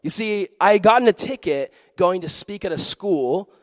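Animated high-voiced storyteller. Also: male voice, normal speed, no echo, studio quality. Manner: animated, self-mocking, acts out the voices. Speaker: former junior high pastor. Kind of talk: comedic storytelling testimony.

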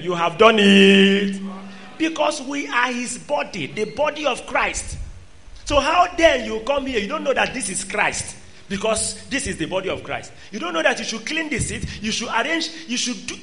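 A man preaching to a congregation. His voice sits high and bright for a man. He is emphatic, rising to loud exhortation and dropping to quiet asides. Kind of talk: sermon.

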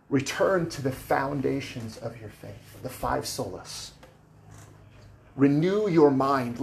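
A man's voice: mid-range voice, gravelly. A man preaching a sermon as pastor, conversational and plainspoken, with casual asides to the congregation. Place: church sanctuary.

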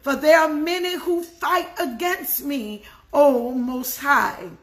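A woman's voice: sits high, slow pace, fairly bright tone. A woman preaching a fervent devotional sermon, drawing out key words and speaking to listeners by name, her voice catching with emotion at times.

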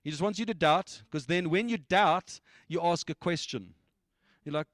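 A man's voice: on the high side, moderate pace, a bit bright, no echo, clean studio sound. Emphatic man leading a church meeting. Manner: emphatic, repetitive, conversational preaching. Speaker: church leader. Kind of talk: casual church announcements and exhortation.

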